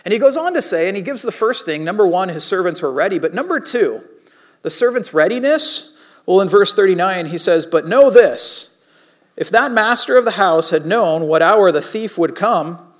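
A man preaching a sermon in a casual, conversational way, with animated asides to the congregation. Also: high voice, normal speed. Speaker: pastor.

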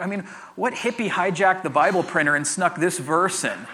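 High, bright-voiced man preaching casually. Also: lively intonation, fairly quick. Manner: chatty, repeats words, jokey asides. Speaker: pastor. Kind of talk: conversational sermon.

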